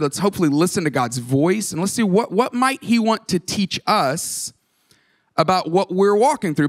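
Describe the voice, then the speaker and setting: Middle-aged male pastor on a stage mic in a church, storytelling style, a touch high-pitched, playful and conversational. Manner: conversational, self-deprecating humor, acts out quoted voices. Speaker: guest pastor. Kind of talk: sermon with personal storytelling. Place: large church auditorium. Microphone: stage microphone.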